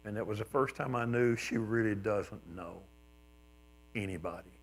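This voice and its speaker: An older man, a pastor, telling a personal story in a sermon, reflective and plain-spoken with gentle humor. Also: lowish voice, moderate pace.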